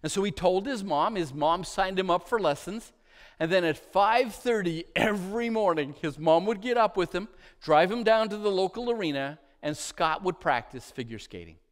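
A male pastor preaching a sermon in a church, moving between emphatic, loud declarations and hushed, soft phrases as he tells a story in repeated lists. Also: high voice, animated, moderate pace. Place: church sanctuary.

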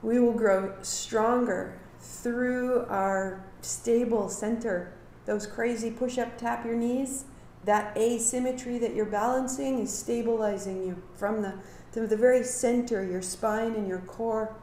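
A woman with a fairly high voice leads a live yoga class. Her cues are calm and steady, and she breaks into lively storytelling. The sound carries a roomy echo. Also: unhurried, slight background noise. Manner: calm guiding cues, then animated storytelling with acted quotes. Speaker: yoga teacher.

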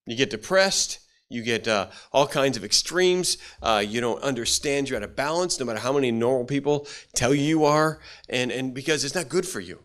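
A middle-aged man delivers a sermon in a plain, folksy way. His speech halts and restarts often, and he clears his throat from time to time. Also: medium pitch, fairly bright tone. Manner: folksy, halting delivery with many restarts and fillers. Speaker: pastor.

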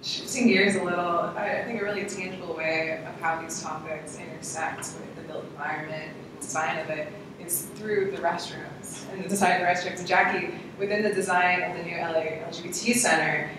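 A woman moderating a panel, asking questions in a measured, poised way. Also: fairly low pitch, fairly even intonation, background noise. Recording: echoey hall from far off.

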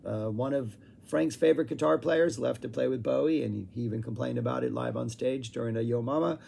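A man casually talking through his favorite songs, with frequent fillers and a voice that is going hoarse. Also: medium pitch, a little fast, dark tone, slight background noise. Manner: rambling, filler-heavy, hums guitar riffs. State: losing his voice, clearing throat. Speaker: music review vlogger. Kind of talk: casual chat.

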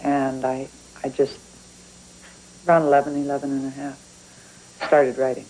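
Mellow-voiced woman writer reflecting. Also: extremely low pitch, level tone, normal speed, slight background noise, low-quality recording. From Canada. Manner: thoughtful, conversational. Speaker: writer being interviewed. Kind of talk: reflective interview talk.

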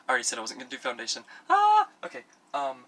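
A young man chatters through a home makeup tutorial in a very bright, tense voice that sits mid-range in pitch. He rambles, stacks up fillers and talks campily to himself between steps. A faint hiss runs under the recording. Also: flat delivery, racing. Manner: rambling, filler-heavy, camp self-talk. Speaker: makeup vlogger. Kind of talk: parody beauty tutorial chat. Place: at home doing his makeup.

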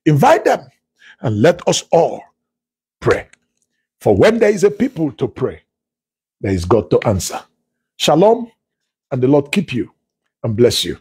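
A man's voice: mid-range voice, very animated, unhurried, long pauses, darkish tone, breathy edge, no echo. A man leading a fervent prophetic prayer broadcast, declaring prophecy in repeated refrains and breaking into speaking in tongues. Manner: repeats refrains and calls for praise. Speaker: prayer leader.

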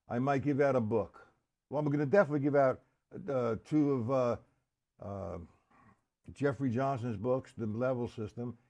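A man teaching a live-streamed drum lesson, chatting with viewers by name in a halting, casual way. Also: medium pitch, a little mellow. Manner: halting, restarts and fillers. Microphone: computer or camera mic on a live stream.

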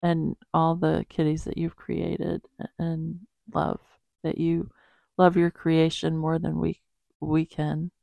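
A woman hosting a Bible-reading channel, praying aloud in a halting way with frequent pauses, then signing off casually. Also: sits low, monotone, gravelly, mellow, no echo. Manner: slow, halting prayer with many pauses. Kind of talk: spoken prayer and casual sign-off.

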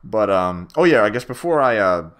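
A man's voice: fairly low pitch, very animated, normal speed, fairly bright tone. A young man giving a rambling, stammering director's commentary on his own machinima, full of fillers and swearing.

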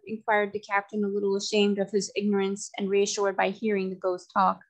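A woman reads a children's novel aloud at a middle pitch, clear and measured with gentle expression. Her narration is steady and easy to follow. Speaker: story reader.

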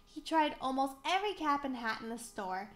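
A woman reading a children's picture book aloud, slow, clear and expressive for young children. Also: high voice. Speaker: museum storybook reader.

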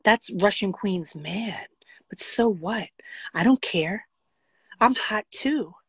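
A woman voicing a brazen woman at a club who talks slowly and boldly about another woman's man. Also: mid-range voice, expressive, husky, no room sound, full character voice.

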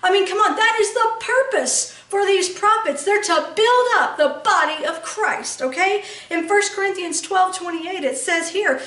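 High-voiced woman preaching in an echoey room. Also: animated, moderate pace, a bit bright, distant mic. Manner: emphatic, frequent rhetorical "okay?" checks. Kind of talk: sermon teaching.

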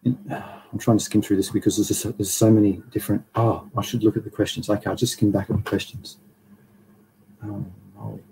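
A man hosts a live stream in a casual, rambling lecture, reading slides aloud and answering chat as he goes. His voice sits fairly low and sounds dark and mellow. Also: husky, poor audio. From Australia.

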